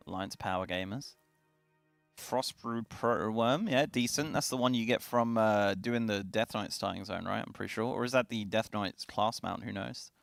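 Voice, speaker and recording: A man's voice: fairly low pitch, gravelly, no room sound. A man co-hosting a stream, chatting casually and teasing with a joking manner. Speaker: stream co-host. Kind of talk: casual chat. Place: streaming studio.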